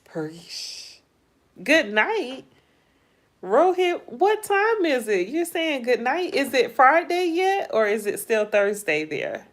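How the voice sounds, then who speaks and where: A middle-aged woman hosting a casual livestream, chatting with viewers, asking them lots of questions in a playful, drawn-out way. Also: sits high, big pitch swings. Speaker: livestream host. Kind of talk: casual livestream chat reading viewer comments.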